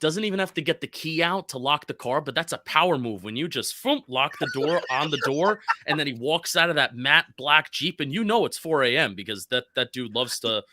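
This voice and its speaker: Guy in a football chat, rambly, bright voice. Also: a little high, animated, brisk, few pauses. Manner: rambling, restarts sentences. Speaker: sports content creator. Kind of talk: casual sports chat.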